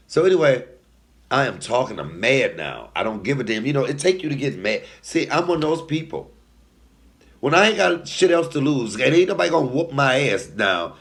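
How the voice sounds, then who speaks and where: A man in his forties telling a personal story as a comedian, sassy and animated, dropping to hushed asides and rising to loud outbursts while talking straight to his viewers. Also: mid-range voice, moderate pace. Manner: sassy, laughs at own lines, talks to viewers.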